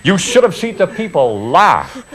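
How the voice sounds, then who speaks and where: A man's voice: high-pitched, sing-song, a little slow, fairly bright tone. A man, telling an old reminiscence in broad dialect with chuckles. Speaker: storyteller. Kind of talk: spoken reminiscence, folk tale.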